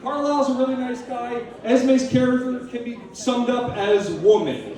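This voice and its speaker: A man's voice: very high voice, normal speed, crowd noise. A male stand-up comedian on stage at a live comedy venue, manic, profane and sardonic. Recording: echoey live room, from a distance.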